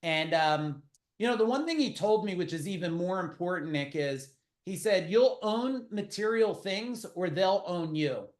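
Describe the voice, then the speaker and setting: A middle-aged man, a podcast guest, tells blunt, profane stories in casual interview talk, full of quick asides. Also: sits high, lively intonation, reverberant.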